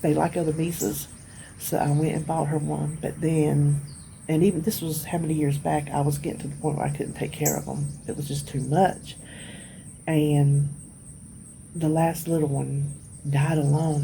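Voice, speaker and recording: Middle-aged lady vlogging outside, tired and gravelly, low mellow voice, wanders off topic a lot, faint birds and bugs in the back. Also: steady tone, slight background noise. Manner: rambling, emotional, drawn-out pauses. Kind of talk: casual rambling chat to viewers.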